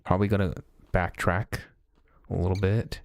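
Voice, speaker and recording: A man narrates his own gameplay in a loose, conversational way, wondering aloud and stumbling through half-finished thoughts. His voice sits a little low. A faint hum of noise runs under the recording. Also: level tone, normal speed, vocal fry. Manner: thinking aloud, chatty, with many hesitations. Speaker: let's play host. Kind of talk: casual gameplay commentary.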